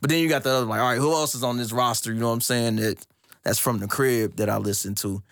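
Animated young man in loose podcast chat. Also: fast talker, no echo, studio quality. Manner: animated, profane, jumps into high excited voice when quoting himself. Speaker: podcast co-host. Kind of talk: casual chat about music.

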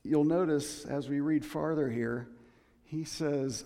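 A man's voice: fairly high pitch, steady tone, slow pace, warm tone, in a large hall. A man preaching a sermon in a conversational, joking way, with many restarts.

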